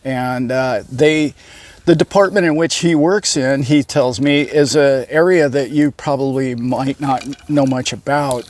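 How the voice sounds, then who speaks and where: A man, a channel host, telling a story in a casual monologue that rambles, with many pauses and self-corrections. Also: medium pitch, a little mellow. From United States. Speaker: channel host, boat captain.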